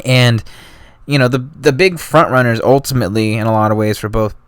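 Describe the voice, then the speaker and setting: A man's voice: mid-range voice, a little fast, no room sound. A man hosting a history podcast, telling it in loose, slangy, casual talk full of asides. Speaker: podcast host.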